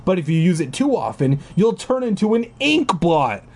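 A man's voice: high voice, big pitch swings, moderate pace, heavily acted. A man voicing a whiny schoolboy sidekick in a storybook, explaining in a nasal-whiny tone. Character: whiny schoolboy Wally, know-it-all sidekick.

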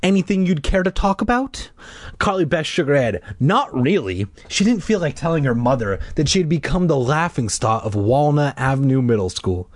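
A man reading a story aloud in a lively way, breaking off for irreverent, swearing jokes. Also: medium pitch, normal speed, hardly any pauses, no echo, clean studio sound. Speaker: reader. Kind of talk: comedic book reading with asides.

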